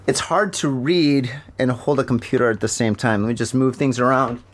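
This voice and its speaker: A middle-aged American man hosting a casual news chat from home, rambling and joking as he reads stories haltingly. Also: mid-range voice, a little hiss or hum. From United States. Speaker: podcast host. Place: home room with a fan running. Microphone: laptop mic.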